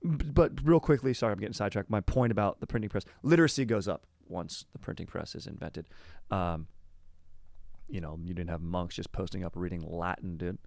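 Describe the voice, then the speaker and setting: A man's voice: sits low, brisk, gravelly, darkish tone, no echo, studio quality. A young man hosting a podcast, talking about history in a rambling, casual way. He is slangy and laid-back, says "dude" all the time and drifts off topic. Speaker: podcast host.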